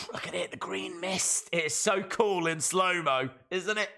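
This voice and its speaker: Guy doing wrestling reactions, high bright voice, takes his time, jokey. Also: slow pace, vocal fry. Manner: animated, jokey, mimics wrestlers in shouted bits. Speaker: wrestling watch-along streamer. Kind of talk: live reaction commentary.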